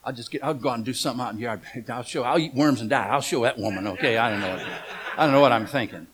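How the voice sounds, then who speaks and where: A man's voice: medium pitch, rapid-fire, crowd noise. A middle-aged man preaching a humorous storytelling sermon, folksy and joking, asking the congregation questions.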